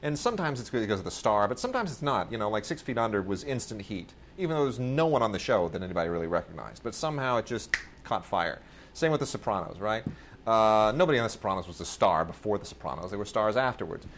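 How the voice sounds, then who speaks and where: A man with a lowish voice rambles through a casual podcast chat, stacking fillers and restarts as he goes. He sounds like a co-host reviewing releases. A faint hiss sits under the recording. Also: big pitch swings, fast, a bit bright. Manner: rambling storyteller, many fillers, mimics people in quoted bits.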